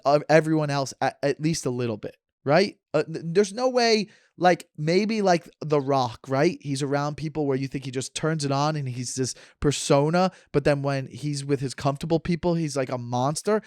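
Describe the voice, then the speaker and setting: Casual male podcast host, thirties, a touch high-pitched, sarcastic tangents, dry close-mic sound. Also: normal speed, clean tone, no room sound. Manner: sarcastic, joking, talks in tangents. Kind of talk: casual rambling monologue.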